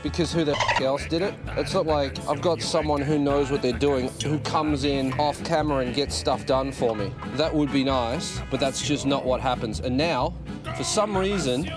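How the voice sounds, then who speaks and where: A man with a voice on the high side talks at normal speed while music plays in the background. In his casual garage vlog, shot with an external mic on an action camera, he works under a car, complaining, cursing the job, and joking at his own expense.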